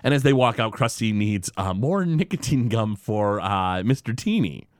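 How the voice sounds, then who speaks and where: A man chatting casually on a podcast, retelling a cartoon episode with lots of fillers and quick quoted bits. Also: on the low side, lively intonation, dry recording, studio quality. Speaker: podcast host.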